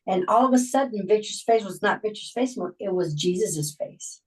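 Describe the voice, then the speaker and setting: A middle-aged woman sharing a personal story on a video call, halting and full of fillers and restarts. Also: lowish voice, a little mellow. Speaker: Bible study group member. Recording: voice sounding distant from the mic.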